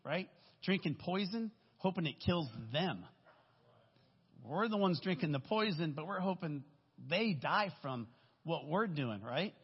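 A man's voice: a little high, husky. A man, a guest speaker, giving a candid, rambling testimony sermon in a church, often checking in with "right?". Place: church sanctuary. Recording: dull recording with long hall reverb.

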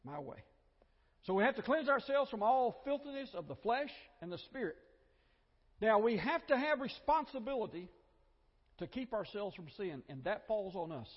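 Male Southern preacher, husky tone, animated delivery, chatty with asides; echoey, muffled church hall sound. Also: high-pitched, moderate pace. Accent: Southern American. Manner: conversational, with joking asides and repeated phrases. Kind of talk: sermon.

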